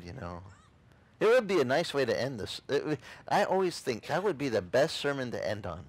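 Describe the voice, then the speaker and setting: Man, pastor, lively sermon, jokey storyteller, outdoor beach service. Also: a little fast, slightly rough, rough recording. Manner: animated storytelling, acts out quotes in high excited voices.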